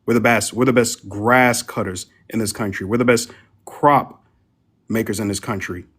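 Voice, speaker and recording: Combative low-voiced man grilling a caller. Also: fairly even intonation, normal speed, fairly bright tone, slightly rough. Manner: combative, interrogating. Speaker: panel co-host. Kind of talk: heated live panel debate.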